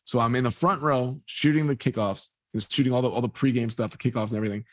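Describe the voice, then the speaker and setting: Man, sports photographer, animated storyteller, mid-pitched, dry close sound. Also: quick pace, no room sound. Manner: animated, acts out quoted dialogue. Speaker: sports photographer, interview guest. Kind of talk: storytelling anecdote.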